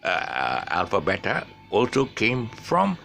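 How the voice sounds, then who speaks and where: Gravelly man teaching with lively pitch. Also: unhurried. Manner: rambling, many fillers and restarts, laughs at himself. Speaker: English teacher. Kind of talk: casual spoken lesson.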